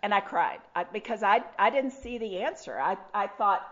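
A middle-aged woman, telling her personal testimony to a live audience in an animated, self-deprecating way. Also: mid-range voice, moderate pace, dull audio. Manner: animated, self-deprecating storyteller with frequent restarts. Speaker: speaker sharing her testimony. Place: room with an audience.

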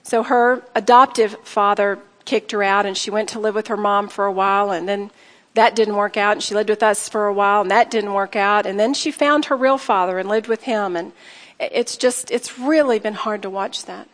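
A woman's voice: medium pitch, fairly even intonation, normal speed. A middle-aged woman giving an earnest, heartfelt personal testimony, speaking directly to her listeners. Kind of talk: emotional personal testimony to an audience. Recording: long hall reverb.

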